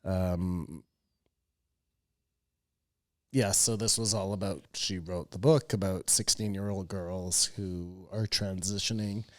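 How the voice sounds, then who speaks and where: A man co-hosting a podcast in casual chat, arguing his points with halting restarts. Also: deep voice, steady tone, no echo, studio quality. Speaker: podcast co-host.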